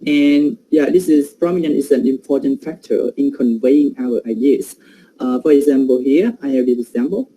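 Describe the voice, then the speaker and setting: A man's voice: medium pitch, normal speed, dark tone, slight background noise, poor audio. A man giving an academic presentation on pronunciation, hesitant and full of fillers.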